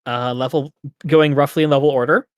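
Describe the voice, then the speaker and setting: A man's voice: medium pitch, steady tone, fairly quick, clean tone, dry recording, studio quality. A man co-hosting a casual gaming podcast, rambling and laughing often. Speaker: podcast co-host.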